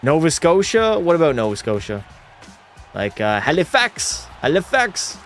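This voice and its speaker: His fairly high, fairly bright voice swings widely in pitch at a normal speed as he streams a hockey watch party. The young host calls plays and jokes bluntly with viewers in chat, with soft music in the background.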